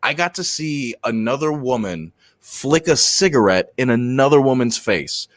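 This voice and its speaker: A man telling stories in casual comedic chat, excitable and swearing freely as a co-host. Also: medium pitch, moderate pace. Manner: profane, excitable storyteller.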